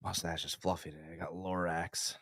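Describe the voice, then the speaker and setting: A deep, gravelly-voiced man co-hosts a casual sports podcast, speaking briskly. He tells energetic stories and acts out the quotes, in a dry, studio-quality recording.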